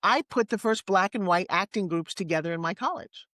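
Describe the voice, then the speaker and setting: A woman in her sixties with a New York accent, a guest telling personal stories in a lively, candid way with quick asides. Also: mid-range voice, no echo, clean studio sound. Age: 60s. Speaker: interview guest. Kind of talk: personal storytelling in conversation.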